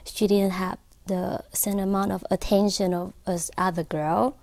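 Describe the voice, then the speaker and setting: A woman, an accessory designer, telling a story as an interview guest in a filming studio. Her English is halting and full of fillers. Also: medium pitch, fairly even intonation, darkish tone, no echo. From Taiwan. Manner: halting non-native English with frequent fillers.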